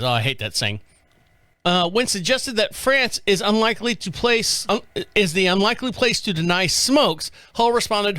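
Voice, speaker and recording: A man's voice: high voice, big pitch swings, normal speed, pushed and bright, no echo. A male podcast host giving loose, rambling commentary and swearing freely. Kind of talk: casual commentary.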